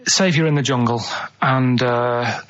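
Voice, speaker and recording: A man's voice: mid-range voice, moderate pace, a bit bright, highs cut off. A man chatting on a radio show in a plain, matter-of-fact way about his worries, on a studio microphone. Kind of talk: casual radio chat.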